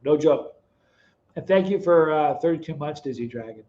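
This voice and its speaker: A middle-aged man hosting a live stream, reading chat comments aloud, teasing viewers by name and telling stories in a relaxed, chatty way. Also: fairly high pitch, moderate pace, lo-fi sound. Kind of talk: casual chat.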